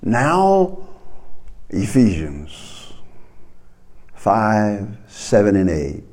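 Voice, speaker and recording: A man preaching a sermon as pastor, swinging between loud calls and low murmurs. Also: huge pitch swings, drawn-out words.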